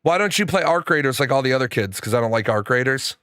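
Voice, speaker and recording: A man's voice: mid-range voice, expressive, fast, fairly bright tone, no room sound, studio quality. A young adult man streaming a game, telling stories in casual, profane chat with frequent stammers and restarts. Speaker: gaming streamer.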